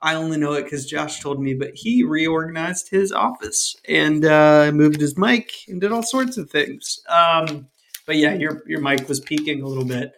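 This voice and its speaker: A man with a fairly high voice co-hosts a laid-back podcast. He rambles through friendly asides and laughs easily as he talks. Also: normal speed, creaky, fairly bright tone. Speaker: podcast co-host. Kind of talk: casual podcast chat.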